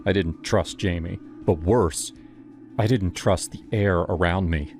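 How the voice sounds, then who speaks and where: Male narrator, very low voice, measured and dramatic first-person horror storytelling over a music bed. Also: fairly even intonation, a little mellow. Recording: music playing behind.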